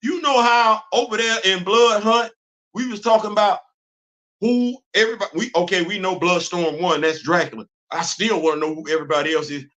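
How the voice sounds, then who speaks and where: Animated high-voiced male comics host. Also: brisk. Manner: animated, repetitive, exclaiming, laughing. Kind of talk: excited casual comic book talk. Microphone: live stream mic.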